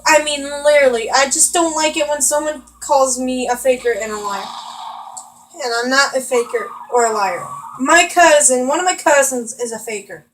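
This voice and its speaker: A woman's voice: sits high, normal speed, a little hiss or hum, poor audio. A young woman venting in rambling, frustrated casual chat while she plays a video game. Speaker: vlogger.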